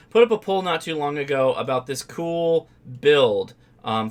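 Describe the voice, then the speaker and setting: Higher-pitched chatty male stream host. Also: fairly bright tone. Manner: chatty, rambling with fillers and restarts. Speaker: ham radio live-stream host. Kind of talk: casual live-stream chat.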